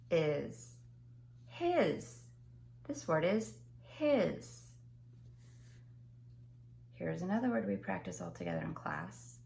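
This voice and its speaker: A woman teacher giving a slow phonics lesson to young children, patiently stretching out each sound and word. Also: on the low side, vocal fry, a little mellow, slight background noise.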